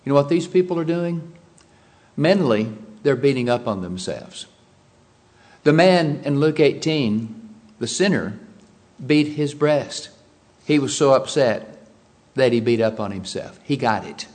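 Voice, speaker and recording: Expressive male preacher. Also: a little slow, long pauses. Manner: expressive, swings between loud emphasis and quiet low asides. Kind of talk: sermon.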